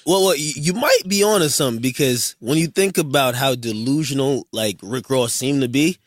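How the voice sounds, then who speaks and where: A man as a podcast guest, pushing back quickly and restarting his sentences as he argues a point. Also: mid-range voice, no echo, studio quality. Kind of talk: casual podcast conversation.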